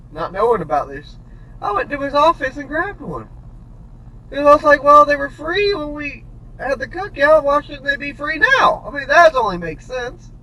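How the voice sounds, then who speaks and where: A man's voice: high-pitched, rough recording. A man vlogging from his vehicle, telling a rambling, profane story with laughs along the way. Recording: loud road noise in the background.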